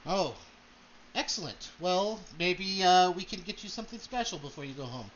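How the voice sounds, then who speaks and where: A man's voice: sits high, expressive, moderate pace, a bit bright, lo-fi sound, a little hiss or hum. A man voicing a polite, apologetic young nobleman. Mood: courteous. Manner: courteous, apologetic.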